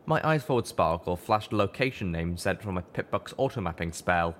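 A man's voice: deep voice, expressive, a little fast, a bit bright, slight background noise. A man reading a fan-fiction audiobook aloud, narrating steadily in the first person.

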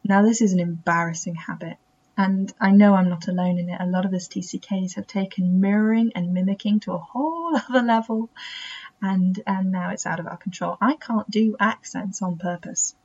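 A woman with a self-taught English accent that drifts toward American speaks in a mellow, husky voice. Her reflective podcast monologue stays soft and intimate, often dropping to a breathy near-whisper, and the recording sounds dull and muffled. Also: mid-range voice, normal speed. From England. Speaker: podcast host.

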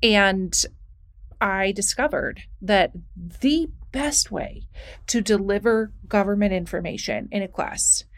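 A woman's voice: medium pitch, takes it slowly. A woman from Minnesota with a Minnesota accent, interviewing a guest in a casual chat and acting out stories as she tells them. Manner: animated storyteller, acts out quotes.

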